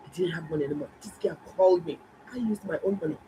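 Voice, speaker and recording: A middle-aged woman, a doctor, telling viewers a story in a casual, animated and exclaiming way. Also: fairly low pitch, fast talker, a little hiss or hum, poor audio. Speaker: doctor and health vlogger.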